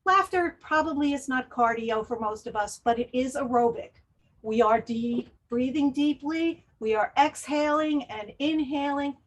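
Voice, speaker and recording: A woman's voice: high-pitched, unhurried. Woman leading laughter yoga exercises. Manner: leads breathing and forced laughter exercises. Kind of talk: guided wellness presentation.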